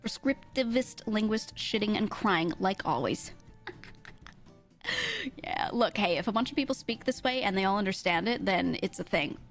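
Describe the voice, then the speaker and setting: A woman's voice: mid-range voice, normal speed, faint music behind. A young woman streamer, chatting casually with chat, laughing often and swearing freely. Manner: laughing, swearing, animated asides.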